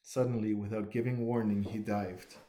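A man narrating a classic storybook in a measured, even reading with small slips. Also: lowish voice, low-quality recording. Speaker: audiobook reader.

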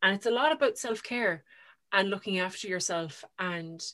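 Bright, chatty woman. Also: medium pitch, normal speed. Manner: chatty, enthusiastic retelling with lots of fillers. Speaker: podcast co-host. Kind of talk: casual book chat.

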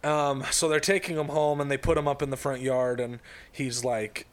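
A man's voice: mid-range voice, steady tone, moderate pace. Rambling man retelling a story. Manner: rambling storyteller with many fillers and restarts. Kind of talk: casual chat.

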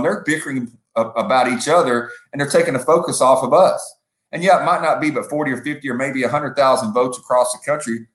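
A man's voice: mid-range voice, roomy sound. A man co-hosting a political podcast, rambling and making sports comparisons. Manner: rambling, uses football comparisons, acts out quotes. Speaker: podcast co-host. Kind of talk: casual political commentary.

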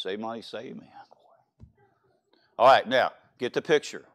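A Louisiana man preaching in a church, lively and conversational. He keeps firing questions at the congregation and swings between loud and quiet stretches. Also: medium pitch, moderate pace, long pauses. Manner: animated, quizzing the congregation. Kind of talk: sermon.

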